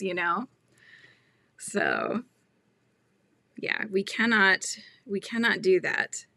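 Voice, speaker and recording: A bright, clear-voiced woman in her thirties hosts a relaxed crochet livestream from home. She chats easily with viewers, laughs often and drifts from story to story. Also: mid-range voice, slow, pauses often, no room sound. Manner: chatty, laughs often, talks to live chat. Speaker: crochet channel host. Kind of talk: casual livestream chat while crocheting.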